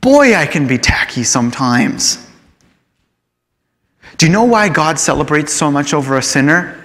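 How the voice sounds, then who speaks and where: A man preaching a sermon, telling a story with lively delivery and acting out the characters in it. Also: on the high side, moderate pace. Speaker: pastor. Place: church sanctuary. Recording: long church hall reverb.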